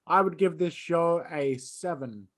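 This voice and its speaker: A man with a somewhat higher voice co-hosts a casual review chat. He speaks in a measured way and hedges his opinions. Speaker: podcast co-host.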